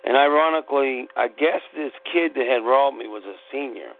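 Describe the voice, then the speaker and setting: A man's voice: medium pitch, normal speed. A middle-aged man from Pittsburgh, telling a personal story in a blunt, profane, rambling way. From Pittsburgh, United States. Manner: blunt, profane, animated retelling. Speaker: podcast host. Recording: tinny phone-like line.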